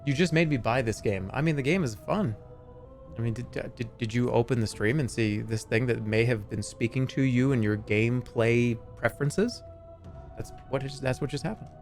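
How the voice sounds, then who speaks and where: A man chatting casually on a live stream, rambling from joke to joke and answering viewer messages. His voice sits at an ordinary middle pitch, with game music faint underneath. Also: normal speed, a little mellow. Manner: rambling, joking, reading chat aloud.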